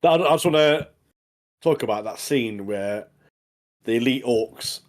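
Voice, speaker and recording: A man co-hosting a podcast in casual chat, enthusiastic and halting, repeating words as he goes. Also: medium pitch, lively intonation. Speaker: podcast co-host.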